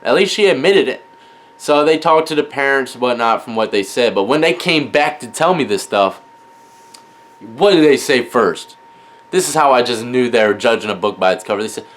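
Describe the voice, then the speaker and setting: A man vlogging, telling a story to camera in an animated, slangy, dramatic way. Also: mid-range voice, normal speed. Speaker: gaming streamer and vlogger.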